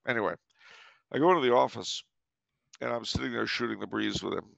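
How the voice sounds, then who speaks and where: Guy w/ a really gravelly creaky voice, wry storytelling, dry dull-ish sound. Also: mid-range voice, fast talker, fairly bright tone, no echo. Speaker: podcast host. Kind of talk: storytelling commentary.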